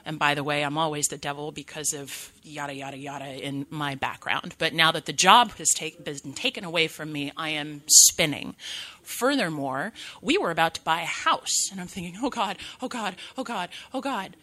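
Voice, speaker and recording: A woman's voice: deep voice, moderate pace, pushed and bright. A woman in her thirties from California, speaking at a recovery meeting and telling her story with candid, self-deprecating humor. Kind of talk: personal recovery testimony.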